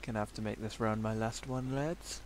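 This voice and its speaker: A man's voice: on the low side, fairly even intonation, brisk, slight background noise. A man playing a co-op zombie game with friends, teasing them and laughing often in casual chat. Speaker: gamer. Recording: voice chat over loud game sounds.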